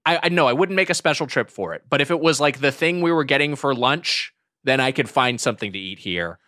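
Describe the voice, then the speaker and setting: A male podcast co-host talks through a food review with lots of restarts and quick laughs. His voice is bright and bouncy, swinging widely in pitch. The studio sound is dry and close. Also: animated, dry recording. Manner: halting, restarts often, laughs a lot. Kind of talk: casual food review chat.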